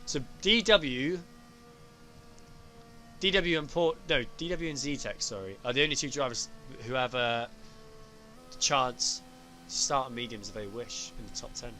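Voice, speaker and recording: A man's voice: medium pitch, bright, forceful tone, soft background music. A man doing live commentary for an online racing league, chatty and joking with his co-host. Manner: chatty, jokey, quick banter with co-host. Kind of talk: live race commentary on stream.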